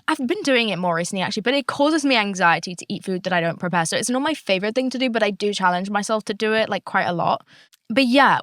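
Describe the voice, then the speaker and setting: A woman's voice: medium pitch, a bit bright, no echo. A young woman, hosting a casual solo podcast, candid and chatty and swearing freely. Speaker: podcast host.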